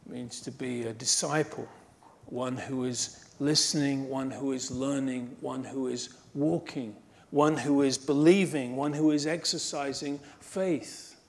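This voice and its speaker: A man's voice: medium pitch, fairly even intonation, measured pace, gravelly. A man preaching a sermon as pastor, emphatic, building to fervent exhortation and repeating phrases in rhythmic lists.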